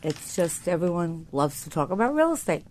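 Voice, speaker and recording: A woman's voice: on the low side, very animated, moderate pace, darkish tone. A woman hosting a talk radio show from a studio, chatting in an upbeat, rambling way. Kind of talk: casual talk radio chat.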